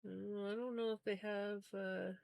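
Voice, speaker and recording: A woman's voice: mid-range voice, little pitch movement, a little slow, gravelly, a little mellow, dry recording. A woman chats casually on a live stream as she spins yarn. Her talk is rambling and friendly, and she laughs easily as she goes. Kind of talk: casual chat.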